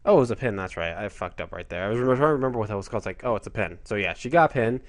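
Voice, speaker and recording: A man's voice: lowish voice, rapid-fire. Brief: male comic reviewer, casual and rambling, keeps correcting himself. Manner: rambling, self-correcting, offhand asides. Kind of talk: casual chat.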